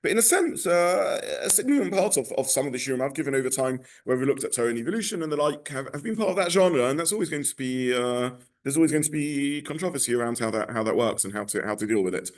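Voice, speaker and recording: A man's voice: mid-range voice, animated, quick pace, hardly any pauses. A rabbi teaching a class, explaining his points at length and thinking aloud as he goes. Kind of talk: lecture to a class.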